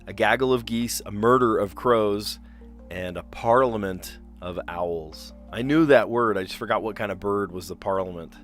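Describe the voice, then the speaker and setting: Low-voiced chatty man thinking aloud. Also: normal speed, a bit bright, faint music behind. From South Jersey. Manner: chatty, muses aloud and second-guesses himself. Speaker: livestream host playing word puzzles. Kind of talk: casual thinking-aloud commentary.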